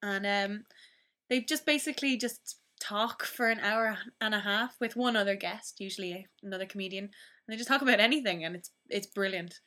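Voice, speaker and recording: Bright, chatty woman podcaster. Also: medium pitch. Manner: laughs often, chatty and quick. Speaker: podcast co-host. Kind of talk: casual podcast chat.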